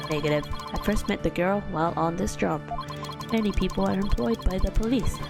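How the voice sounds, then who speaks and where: A woman voicing a terse masked male bomb expert who talks through typed synthesized speech, in clipped, flat phrases, with game music behind. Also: medium pitch, brisk, gravelly, lightly acted. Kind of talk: reading game dialogue aloud on stream.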